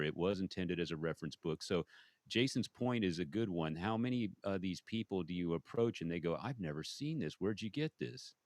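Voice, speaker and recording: A man's voice: low-pitched, dry recording, studio quality. A man hosting a podcast, interviewing a guest with long, rambling questions. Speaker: podcast host.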